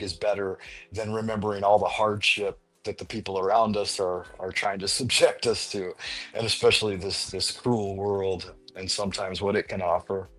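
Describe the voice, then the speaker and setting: A man hosting a live stream panel, talking in a rambling, playful way with many restarts. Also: lowish voice. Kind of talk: casual chat.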